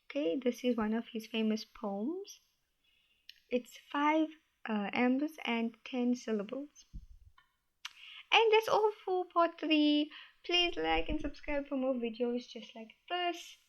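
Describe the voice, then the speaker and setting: A woman's voice: sits high, animated, slow. Chatty young woman explaining poetry terms. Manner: chatty, loose, repeats herself while explaining. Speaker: study video host. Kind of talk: casual explainer lesson. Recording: dull lo-fi home recording.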